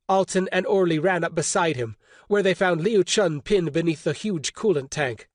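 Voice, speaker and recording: Male audiobook narrator, steady and measured, fairly high pitch, dry sound. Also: no echo. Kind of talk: scripted narration.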